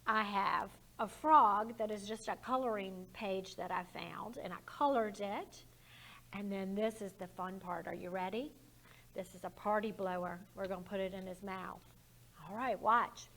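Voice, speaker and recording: A woman's voice: medium pitch, moderate pace, fairly bright tone, slight background noise. A woman who works as a children's librarian, leading storytime and talking to small children in a sing-song, encouraging way.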